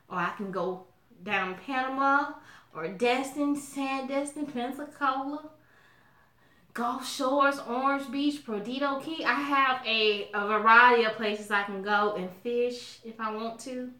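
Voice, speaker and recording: A chatty, sassy woman with a Southern drawl from Alabama talks casually to her viewers, calling them y'all. Her voice sits a little high and sounds bright and forceful. It bounces around an echoey room. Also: slow. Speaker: mukbang vlogger.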